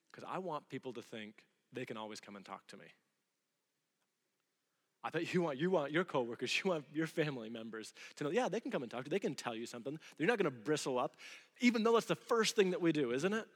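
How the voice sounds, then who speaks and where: A man in his thirties preaching a sermon in a church, telling lively stories and acting out the voices of the people in them. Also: mid-range voice, brisk. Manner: animated storytelling, acting out quoted voices. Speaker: pastor. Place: church sanctuary. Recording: long hall reverb.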